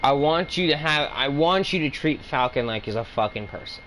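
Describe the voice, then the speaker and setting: A man's voice: mid-range voice, animated, moderate pace, fairly bright tone, a little hiss or hum, poor audio. A man giving a heated, profane opinion rant as a video reviewer. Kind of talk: ranting opinion commentary.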